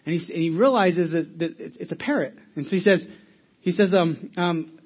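A male pastor preaches conversationally, telling stories in an animated way with lots of restarts. He's a fast talker with a slightly high, husky voice, and the recording has its highs cut off.

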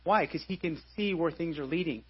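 A man's voice: fairly high pitch, fairly quick, husky, dull audio. A pastor in his forties giving a live sermon in a church, conversational, with many restarts and repeated phrases. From United States.

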